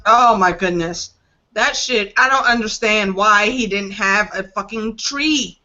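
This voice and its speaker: A woman's voice: medium pitch, measured pace, pushed and bright, muffled recording. A woman in casual chat, fired up and profane.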